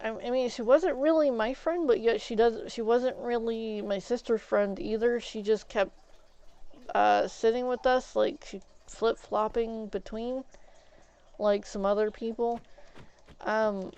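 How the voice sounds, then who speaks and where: A woman's voice: fairly high pitch, a little slow, smooth. A young woman streamer casually telling a rambling story from her school days while she plays, acting out the back-and-forth of what people said. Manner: rambling, animated retelling with quoted exchanges. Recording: dull lo-fi stream audio.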